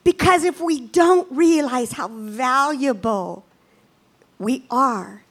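A woman preaching a sermon, animated and emphatic, with self-deprecating asides. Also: high voice, slow pace. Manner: animated, with lively swings in emphasis.

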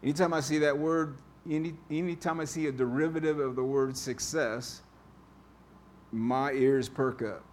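A man's voice: on the high side, fairly even intonation, moderate pace, a little hiss or hum. A male pastor giving a conversational sermon in a church, repeating key phrases for emphasis. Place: church sanctuary.

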